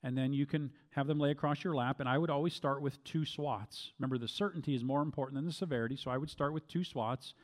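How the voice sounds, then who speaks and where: A middle-aged man giving Bible-based teaching, speaking deliberately and repeating key phrases for emphasis. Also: mid-range voice. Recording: long hall reverb.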